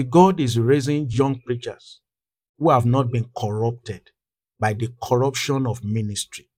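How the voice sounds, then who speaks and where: A man preaching a fervent sermon, reading scripture in King James wording and building to a louder, higher pitch. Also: no room sound, studio quality.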